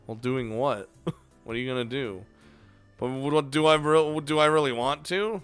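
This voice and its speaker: A man's voice: mid-range voice, normal speed, a bit bright, clear, resonant tone, soft background music. Jokey man reading a visual novel aloud. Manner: jokey, laughs often, asides between lines. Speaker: let's play host.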